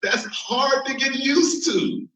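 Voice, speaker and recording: A man from Chicago doing animated stand-up comedy who laughs at his own jokes, recorded roomy and from a distance. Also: very high-pitched, slow pace, crowd noise. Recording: roomy, from far mic.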